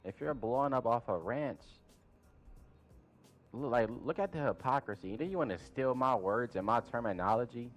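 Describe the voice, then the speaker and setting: A man's voice: medium pitch, normal speed, soft background music. A man in a heated, profane rant, accusing another creator of copying him. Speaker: rival YouTuber in clip.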